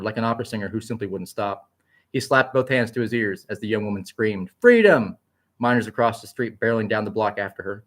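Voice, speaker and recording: Fast-reading low-voiced male storyteller. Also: a bit bright. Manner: quick, vivid, occasional slips and restarts. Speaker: narrator. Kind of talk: expressive story narration.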